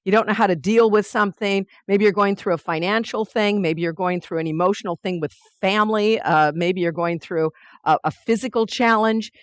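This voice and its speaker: A woman leading a weekly spiritual study group, teaching in a lively, conversational way with playful asides. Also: medium pitch, brisk, no echo.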